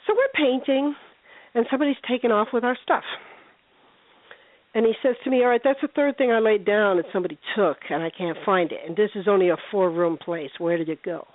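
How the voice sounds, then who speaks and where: An older woman, a paranormal investigator, telling ghost stories in a chatty, animated way during a phone interview, putting on voices for the people in them. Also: mid-range voice, brisk, no echo. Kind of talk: casual phone interview storytelling. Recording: tinny phone line.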